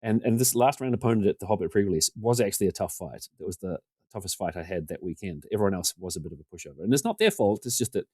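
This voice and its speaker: A low-pitched man in his forties talks quickly as a podcast guest, recorded close and dry with no room sound. He is self-deprecating and gets animated when he acts out what other people said. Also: no echo. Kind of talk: casual storytelling interview.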